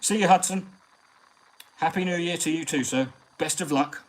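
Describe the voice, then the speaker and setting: A man hosting a live stream, talking in a rambling, sweary, animated way. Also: a little high, moderate pace, poor audio. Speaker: comedian and live-stream host. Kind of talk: casual live-stream chat.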